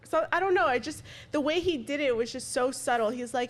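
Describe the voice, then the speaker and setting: A woman with a slightly high voice chatting on a podcast. She tells a personal anecdote in a loose, conversational way, with little quoted asides. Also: fairly quick. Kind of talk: casual podcast chat.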